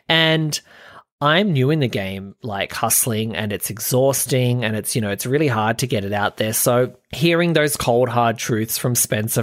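A man's voice: mid-range voice, fairly bright tone, no echo, studio quality. Dramatic, chatty male podcast host. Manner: chatty, dramatic, slangy, self-deprecating. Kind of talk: casual podcast storytelling.

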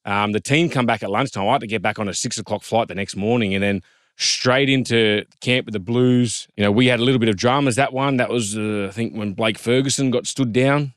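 An Australian man in his thirties, a former rugby league player telling an animated story in casual chat, quoting others in lively voices. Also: mid-range voice, brisk, dry recording, studio quality.

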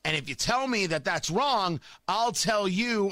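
A man's voice: high voice, expressive, a little slow, bright, forceful tone, no room sound. A man delivering a sarcastic, combative opinion monologue as a talk show host.

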